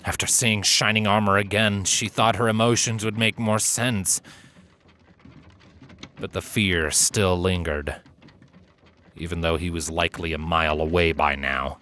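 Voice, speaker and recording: A man reading a fanfiction story aloud with steady, dramatic narration. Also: sits low, measured pace, long pauses, slight background noise. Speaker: narrator and reader.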